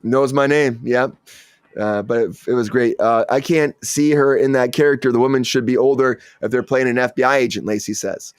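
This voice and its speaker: A man's voice: medium pitch, fairly even intonation, normal speed, clean tone, no echo, studio quality. A man hosting a casual entertainment news chat, rambling and stammering with frequent restarts. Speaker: show host.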